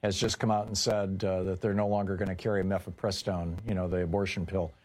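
A man hosting a call-in radio talk show, briskly steering callers along and moving to the next one. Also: low voice, flat delivery, darkish tone, a little hiss or hum.

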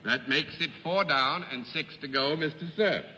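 A man's voice: a little high, moderate pace, bright, forceful tone, a little hiss or hum. A man moderating a 1950s broadcast game show, genial and laughing as he calls on the panelists. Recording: old broadcast audio in a hall.

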